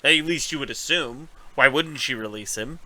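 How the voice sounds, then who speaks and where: A man hosting a casual podcast recap, chatty, cursing freely and paraphrasing scenes in quick retellings. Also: mid-range voice, bright, forceful tone. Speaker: podcast host.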